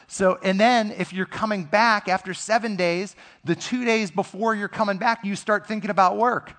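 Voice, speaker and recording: Higher-voiced man preaching conversationally. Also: fairly even intonation, normal speed, fairly bright tone. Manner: conversational, earnest preaching with personal stories. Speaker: pastor. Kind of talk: sermon.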